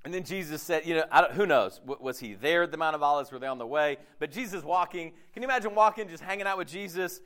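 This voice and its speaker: A man preaching a casual, jokey sermon, acting out quotes with lively swings in his voice. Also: on the high side, quick pace, hardly any pauses. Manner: animated, jokey, acts out quotes. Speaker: pastor.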